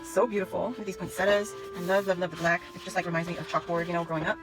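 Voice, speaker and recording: A woman's voice: lowish voice, flat delivery, rough recording. Gushing woman unboxing a craft haul. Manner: gushing, squealing with delight, rapid asides. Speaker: scrapbooking vlogger. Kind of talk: excited haul video chat. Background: background music.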